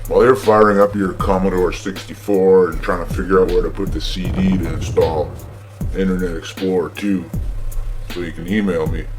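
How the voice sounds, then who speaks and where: A man hosting a show, ranting sarcastically about the news in a profane, mocking way. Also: low-pitched. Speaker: podcast host. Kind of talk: comedic news rant.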